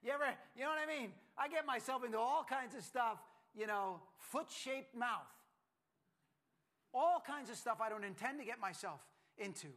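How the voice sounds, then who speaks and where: A man with a high voice delivers a sermon. He drops to near-hushed tones, then climbs back to loud, emphatic lines, often repeating words as he builds. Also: expressive, normal speed. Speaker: pastor.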